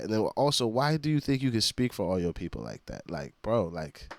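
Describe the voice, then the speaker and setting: A man's voice: fairly low pitch, sing-song, normal speed, vocal fry, hardly any pauses, darkish tone, dry recording. A man hosting a reaction video, commenting in a blunt, profane, exasperated way.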